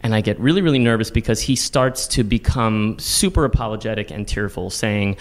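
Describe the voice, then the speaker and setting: Animated man telling a personal story. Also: brisk. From Texas. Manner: animated, self-deprecating, voice jumps high when acting out panic. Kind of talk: live personal storytelling monologue.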